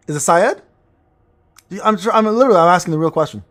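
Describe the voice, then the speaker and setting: A man with a high-pitched, fast voice streams a game and reads his chat, joking crudely and rambling to viewers between plays in casual livestream banter.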